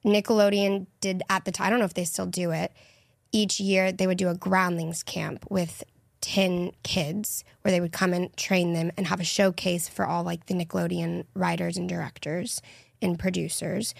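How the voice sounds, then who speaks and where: A woman's voice: fairly low pitch, level tone, moderate pace, creaky, no echo, studio quality. A young woman from Texas, a podcast guest chatting casually and teasing the hosts. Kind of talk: casual chat.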